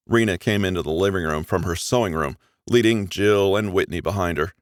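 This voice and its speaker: A man narrating a first-person romance audiobook in an expressive, even storytelling manner. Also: deep voice, fairly quick, dry recording, clean studio sound.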